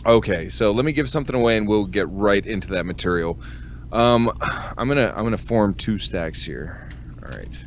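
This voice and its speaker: Man, podcast host, low voice, crude profane humor, casual chat. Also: animated, moderate pace, a little hiss or hum.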